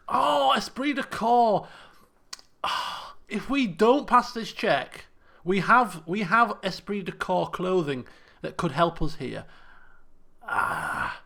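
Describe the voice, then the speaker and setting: A man commenting as he plays a game, animated, laughing and muttering to himself as he thinks. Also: high-pitched, slow pace, gravelly. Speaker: let's play host. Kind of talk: gameplay commentary.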